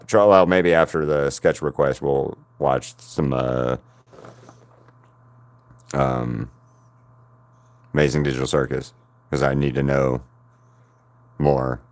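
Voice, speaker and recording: A man's voice: extremely low pitch, steady tone, unhurried, pauses often, clean tone. An American man chatting casually with his stream audience while drawing, rambling from one thought to the next and laughing often. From United States. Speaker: artist streaming to chat.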